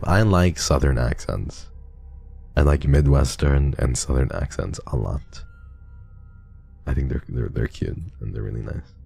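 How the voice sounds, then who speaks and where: Feeling unwell, a male streamer chats casually on his livestream while reading out donations. His low, gravelly voice rumbles softly and drowsily, often trailing off.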